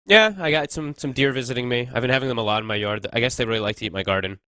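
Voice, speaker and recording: A man's voice: medium pitch, rapid-fire, pushed and bright, clean tone, dry recording, studio quality. A man casting an esports match, chatty and analytical, thinking aloud as he breaks down the picks. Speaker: esports caster. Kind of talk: casual esports commentary.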